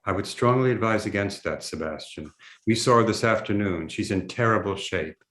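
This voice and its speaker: A man voicing a haughty upper-class English mother in a memoir reading, speaking in a hushed, grave and cutting way. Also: on the low side, moderate pace, close to an everyday voice. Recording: roomy echo.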